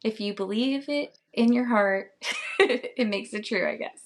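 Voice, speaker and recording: A woman co-hosting a podcast, chatting casually in an unhurried, hesitant way with many filler words. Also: on the high side, big pitch swings. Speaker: podcast co-host.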